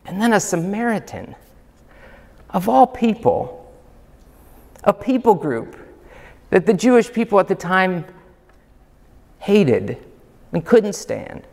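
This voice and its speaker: Male pastor, high pitch, unhurried emphatic sermon delivery, hall reverb. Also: big pitch swings, vocal fry, a little mellow. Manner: emphatic, rhetorical questions.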